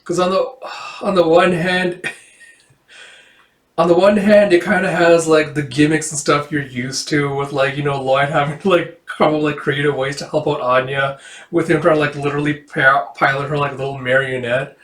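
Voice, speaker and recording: Man, casual review chat, rambling, fillers, slightly high pitch, roomy echo. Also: little pitch movement, normal speed, a bit bright. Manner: rambling, frequent "like" and laughs. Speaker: manga chapter reviewer. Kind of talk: casual commentary.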